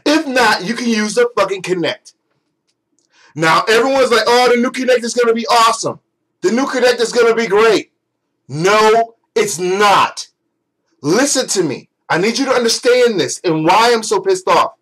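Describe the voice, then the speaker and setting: A man's voice: high voice, animated, moderate pace, a bit bright, poor audio. A young man delivering an angry, profane, sarcastic rant as a gaming vlogger.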